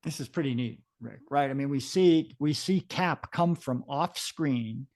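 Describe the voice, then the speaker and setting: A man's voice: medium pitch, measured pace, darkish tone. A man co-hosting a comic book podcast, describing panels with enthusiasm and plenty of fillers. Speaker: podcast co-host.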